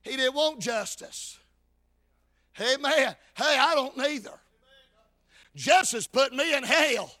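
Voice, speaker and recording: A man preaching a shouted revival sermon with a chanted cadence, folksy rural speech and frequent calls of "Amen". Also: very high voice, animated, slow pace, long pauses.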